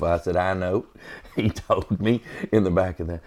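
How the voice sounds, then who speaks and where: A man's voice: low voice, steady tone, unhurried. A man tells an earnest personal faith testimony, acting out both sides of a conversation with a preacher's emphasis. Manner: earnest storytelling, quotes himself and others, preacherly emphasis. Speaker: podcast host, former EMT.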